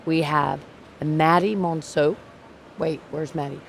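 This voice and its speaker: A woman's voice: deep voice, unhurried, slight background noise. Chatty joking woman hosting a livestream. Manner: chatty, joking, self-deprecating. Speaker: livestream show host. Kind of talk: casual live commentary. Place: livestock show arena. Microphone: clip-on mic.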